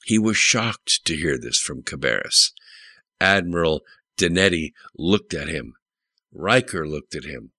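A man narrating a political thriller audiobook in a steady, measured way. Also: very deep voice, no room sound, studio quality. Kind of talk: scripted narration.

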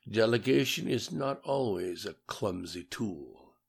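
A man voicing a calm, cryptic male overseer in an audiobook, measured and condescending. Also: lowish voice, creaky, breathy edge, exaggerated voice. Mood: cool, knowing. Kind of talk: audiobook character reading.

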